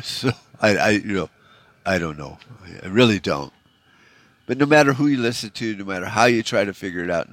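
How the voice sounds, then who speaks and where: A man with a low-pitched voice rambles through a profane solo podcast rant. His tone is discouraged and bitter, and he fills his speech with "you know". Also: fairly bright tone, no room sound. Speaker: podcast host.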